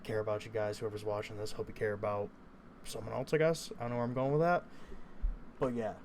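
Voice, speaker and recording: A man's voice: on the low side, steady tone, fast, a little mellow, a little hiss or hum. A young man casually telling a story as a vlogger, rambling and swearing, with many fillers. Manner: rambling, profane, lots of fillers.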